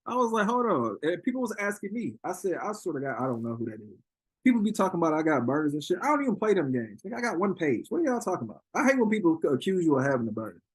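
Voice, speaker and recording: Animated husky man telling stories. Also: rapid-fire, dry recording. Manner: animated storyteller, acts out quotes in high voices, laughs a lot. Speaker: interview guest, rapper. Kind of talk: casual chat.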